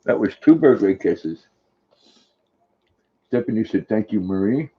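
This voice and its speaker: A man's voice: lowish voice, expressive, a little slow, narrow, tinny audio. An older man hosting a casual live stream, chatting affectionately and talking sweetly to his dog.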